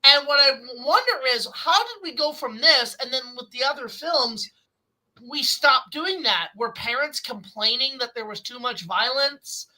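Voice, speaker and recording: High, very bright woman, excitable film reviewer, casual. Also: moderate pace, low-quality recording. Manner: excitable, enthusiastic, swears casually.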